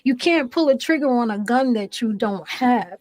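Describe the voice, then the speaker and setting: A woman's voice: on the high side, expressive, normal speed, darkish tone, dry recording, poor audio. A woman guest giving her testimony in an interview, earnest and preacherly, repeating phrases for emphasis, from a small room at home.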